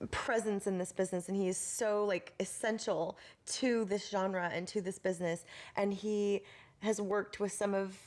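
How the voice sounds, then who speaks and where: A woman's voice: mid-range voice, steady tone, normal speed. A woman giving a documentary interview, talking in an admiring way and leaning on lots of fillers. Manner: warm, admiring, filler-heavy.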